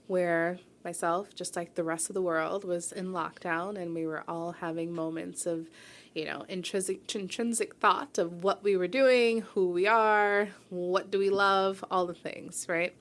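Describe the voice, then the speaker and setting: A woman's voice: on the low side, unhurried, a little hiss or hum. A woman in her forties from New York, telling her personal story as a guest in a radio interview. She is earnest and reflective, and she often checks in with the listener by asking "right?". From New York, USA. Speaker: guest, publisher and founder. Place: radio studio.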